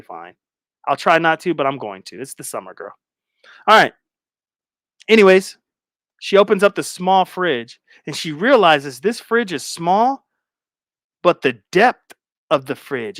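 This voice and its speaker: Streamer host, blunt and profane, bit high-pitched, dry close sound. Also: male voice, no echo. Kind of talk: casual profane reaction commentary.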